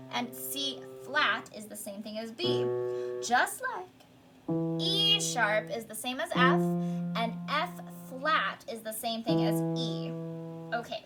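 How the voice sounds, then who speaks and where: High-voiced patient piano teacher. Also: female voice. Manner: encouraging, patient, explains step by step. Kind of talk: online piano lesson.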